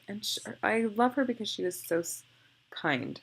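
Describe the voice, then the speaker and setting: In a casual screen-recorded tutorial, a young photographer demonstrates her photo editing, chatting and gushing as she thinks aloud with each click. Her mid-range voice is animated and moderately paced, though the recording is very noisy.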